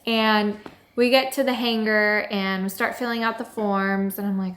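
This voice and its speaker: A young woman telling a story casually, with lively acted-out quotes. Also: mid-range voice, moderate pace. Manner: animated, acts out quoted lines. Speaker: vlogger telling engagement story. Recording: echoey room.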